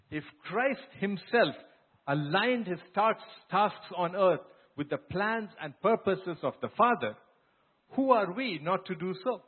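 A man's voice: high voice, animated, unhurried, husky, narrow, tinny audio. A man preaching a sermon as pastor, retelling scripture in an earnest, emphatic storytelling way.

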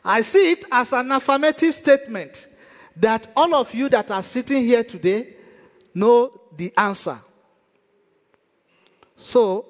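High-voiced pastor preaching in a hall. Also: male voice. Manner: preaching with rhetorical questions and refrains of praise. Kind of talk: sermon.

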